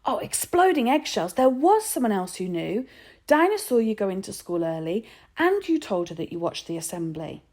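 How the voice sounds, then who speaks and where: A woman's voice: mid-range voice, big pitch swings, moderate pace, a little mellow. A woman voicing an indignant, hot-headed schoolboy who bursts out sulkily and bitterly in a storybook reading. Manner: sulky, bitter outbursts.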